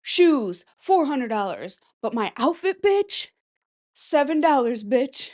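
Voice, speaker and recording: A woman's voice: sits high, very animated, takes it slowly, pitched above the performer's own voice, heavily acted. A woman doing a brash, sassy bragging woman. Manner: loud, sassy, swearing. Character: brash bragging woman flaunting a cheap outfit.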